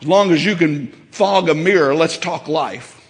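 A man preaching a sermon in a church, folksy and fervent, building up to shouts. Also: on the high side, normal speed, big-room sound. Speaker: pastor. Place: church sanctuary.

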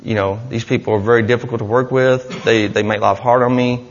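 A man's voice: medium pitch, steady tone, fairly quick, long reverb tail, lo-fi sound, slight background noise. A man giving an earnest, rambling personal testimony in church, with many restarts. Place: church hall.

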